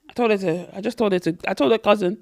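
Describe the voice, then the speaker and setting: A woman's voice: mid-range voice, racing. A woman, co-hosting a podcast and telling a long story in casual chat, acting out what people said. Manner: animated, acts out quotes in other voices. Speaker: podcast co-host.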